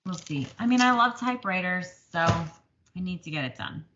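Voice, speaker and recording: There's music in the background as a woman with a lowish, expressive voice talks a little fast. She's a podcast co-host in a casual stitching conversation, chatty and self-deprecating with frequent laughter, recorded in slightly dull lo-fi sound.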